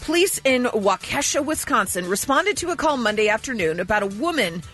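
A woman co-hosting a radio morning show, telling odd news stories in animated, laughing banter. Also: on the high side, brisk, soft background music. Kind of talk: casual comic radio banter. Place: radio studio. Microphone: studio microphone.

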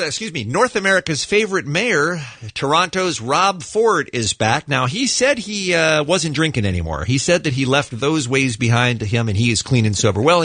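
Morning radio host, male, animated delivery, close dry mic. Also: fairly high pitch, no room sound. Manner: quick, jokey presenter patter.

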